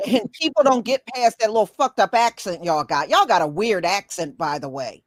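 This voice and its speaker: A woman's voice: medium pitch, expressive, moderate pace, dry recording, clean studio sound. A woman hosting a casual opinion talk, blunt and emphatic, swearing freely. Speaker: host.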